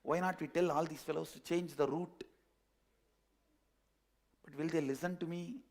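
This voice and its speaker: A man's voice: fairly high pitch, fairly even intonation, normal speed, darkish tone, close to an everyday voice. A man voicing a timid young lion cub who believes he is a sheep, pleading and anxious, in a told story. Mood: nervous.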